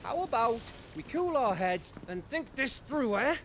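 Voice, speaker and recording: A man's voice: extremely high pitch, very animated, unhurried, a bit bright, slight background noise, exaggerated voice. An actor playing a blunt, foul-mouthed male soldier companion in a video game. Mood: exasperated. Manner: blunt and swearing.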